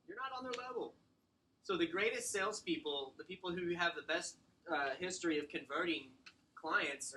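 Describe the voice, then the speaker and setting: A man giving a casual sales training talk, animated and acting out client exchanges. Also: on the high side, slight background noise, rough recording. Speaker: real estate sales trainer.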